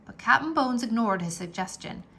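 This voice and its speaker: A woman reading a children's book aloud in a slow, animated storytelling manner, with a gravelly edge. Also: a little high. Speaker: read-aloud narrator.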